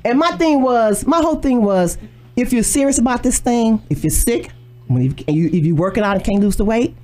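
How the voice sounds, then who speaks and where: Animated, fast-talking woman telling a story. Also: fairly high pitch. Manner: animated storytelling, acts out her own quotes. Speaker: guest, organic cafe owner. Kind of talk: radio talk show conversation. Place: radio studio.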